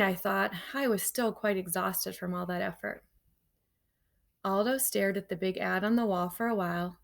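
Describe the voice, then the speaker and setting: A woman teacher reading a children's novel aloud to her class in a lively storytelling manner, breaking off for casual asides to her students. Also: mid-range voice, normal speed, gravelly.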